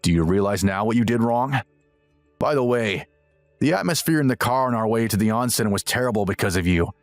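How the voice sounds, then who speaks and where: A man's voice: on the low side, expressive, brisk, no room sound, soft background music. A man voicing a smug, self-righteous young husband who lectures and sneers in a dramatized text-message story.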